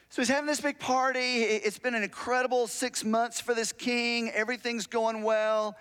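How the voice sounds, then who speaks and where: High-voiced preacher in a reverberant hall. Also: male voice, a bit bright. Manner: conversational storytelling preacher, asks the audience questions. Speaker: pastor. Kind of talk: sermon.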